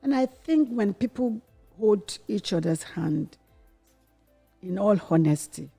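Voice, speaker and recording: Speaking slowly and animatedly at a medium pitch, the middle-aged Nigerian woman has a warm, husky voice with vocal fry, and faint music plays behind her. She is the host's mother, telling her daughter the family story candidly and earnestly, acting out what was said at the time and quoting her past self with rising intensity.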